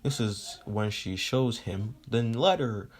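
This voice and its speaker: Man, lowish voice, rambling casual storytelling, lots of fillers, occasional swearing. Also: takes it slowly. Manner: rambling, leans on fillers like "right?" and "you know". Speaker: fan fiction storyteller.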